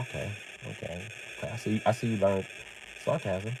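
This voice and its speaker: A man live-streaming a casual comedic rant. He swears heavily, laughs at his own jokes and acts out other people in loud, high yelps. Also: a little fast, slight background noise, rough recording. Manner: profane, jokey storyteller.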